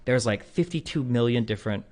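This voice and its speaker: A man's voice: mid-range voice, lively intonation, a little fast, darkish tone. A man in his thirties talking casually to a stream audience, rambling with lots of fillers and blunt, profane asides. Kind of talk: casual monologue to a livestream audience.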